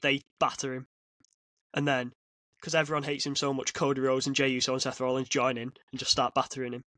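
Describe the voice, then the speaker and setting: A man co-hosting a casual podcast, talking excitedly and rambling with frequent restarts. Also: mid-range voice, brisk, dry recording. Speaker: podcast co-host. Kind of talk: casual chat. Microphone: podcast mic.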